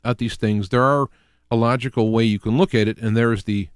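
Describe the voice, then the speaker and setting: A man's voice: medium pitch, fairly even intonation, brisk, clear, resonant tone, no room sound, clean studio sound. Rambling Midwestern man hosting a talk show. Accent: Midwestern American. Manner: rambling with many restarts and fillers. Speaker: radio show host. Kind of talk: casual solo talk show.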